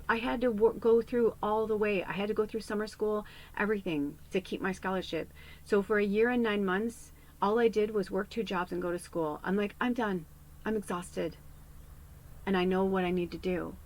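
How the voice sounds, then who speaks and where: A woman's voice: medium pitch, fairly quick, a little mellow, rough recording. A woman psychic medium telling a personal story in a casual, rambling way, swearing freely.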